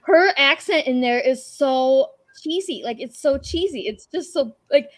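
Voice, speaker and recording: Animated, higher-pitched woman host. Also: measured pace. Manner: animated, swears, trips over words. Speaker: podcast host. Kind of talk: casual chat.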